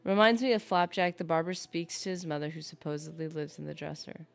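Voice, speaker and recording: Her voice is deep and gravelly, brisk in pace, with fairly even intonation. This woman streams a game and keeps up a chatty, rambling running commentary, talking directly to her chat throughout the casual live stream.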